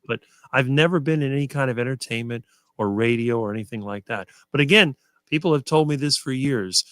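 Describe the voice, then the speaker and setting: A middle-aged man talking casually as a guest and answering quickly with almost no fillers. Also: mid-range voice, fairly bright tone, no echo. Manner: fluent and quick, few fillers. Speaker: guest on a diet talk show. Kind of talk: casual conversation on a live stream.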